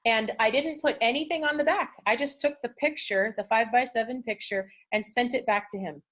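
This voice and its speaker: A woman's voice: on the high side, fairly quick, fairly bright tone. Chatty storytelling woman speaker. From California. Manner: chatty, storytelling, acts out quotes. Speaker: motivational speaker. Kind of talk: motivational talk to a group.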